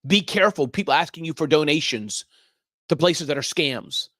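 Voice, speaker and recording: A man's voice: fairly high pitch, normal speed, fairly bright tone, no echo, studio quality. A middle-aged man hosting a live business show, riffing energetically and giving emphatic warnings. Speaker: show host.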